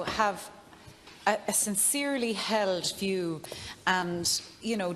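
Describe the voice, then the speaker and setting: A woman's voice: mid-range voice, fairly bright tone, big-room sound, a little hiss or hum. A woman with an Irish accent speaking as a senator in a chamber debate, earnest and exasperated. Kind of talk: parliamentary debate.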